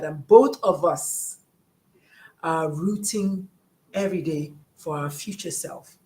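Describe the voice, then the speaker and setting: Chatty woman podcast host, effusive, mid pitch, roomy echo. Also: measured pace. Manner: effusive, chatty, acts out quoted dialogue. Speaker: podcast host, gender and sexuality coach. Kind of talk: casual podcast conversation.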